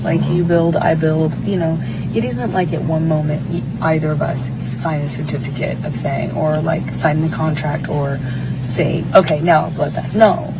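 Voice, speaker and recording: A woman's voice: low-pitched, fairly even intonation, normal speed, far from the mic, heavy background noise. A woman in a tense private argument, speaking in a pleading, insistent way with many fillers.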